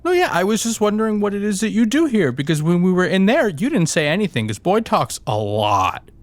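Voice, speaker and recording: A man's voice: high voice, big pitch swings, a little fast, no echo. A man playing a tabletop game in character, speaking in a hesitant, polite way. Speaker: player.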